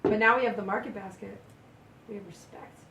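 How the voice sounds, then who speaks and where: A woman chatting with friends, exclamatory and quick to react. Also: medium pitch, fairly even intonation, pushed and bright, distant mic, a little hiss or hum. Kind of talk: casual group chat. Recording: echoey room, off-mic.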